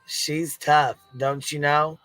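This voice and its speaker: A woman's voice: sits low, flat delivery, slow pace, a bit bright, no room sound, soft background music. A woman hosting a stream, reacting to clips with sarcastic, mocking commentary. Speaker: host.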